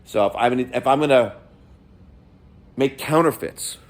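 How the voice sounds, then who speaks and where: A man's voice: medium pitch, moderate pace. A middle-aged man, ranting casually to camera about delayed mail, swearing and exasperated. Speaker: vlogger.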